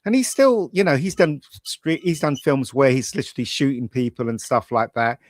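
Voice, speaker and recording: A man co-hosting a casual pub chat, rambling through animated opinions. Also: mid-range voice, normal speed, dry recording, studio quality. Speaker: co-host.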